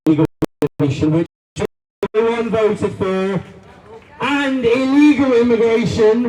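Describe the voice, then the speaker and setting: A man's voice: very high voice, slow pace. A man giving a rousing political rally speech, repeating lines and calling the crowd guys. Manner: forceful, repetitive, rousing, addresses crowd as guys. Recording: distant voice with faint crowd noise.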